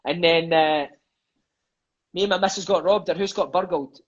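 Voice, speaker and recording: Here a man from Scotland in his thirties, once a footballer, chats as a podcast guest at normal speed with a high-pitched voice. The sound is dull. His storytelling is relaxed and profane, full of "aye" and "mate."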